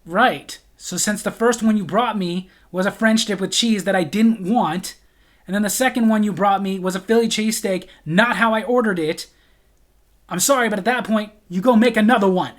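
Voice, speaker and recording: A man telling a storytime vlog in an animated way, going from calm to shouting. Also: high voice, moderate pace. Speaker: vlogger.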